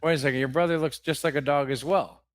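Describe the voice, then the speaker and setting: High-voiced man, mock-serious comic host. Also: fairly even intonation, quick pace, background noise. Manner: mock-serious questioning, swears, rambling rants. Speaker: comedy podcast co-host. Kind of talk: live improvised comedy interview.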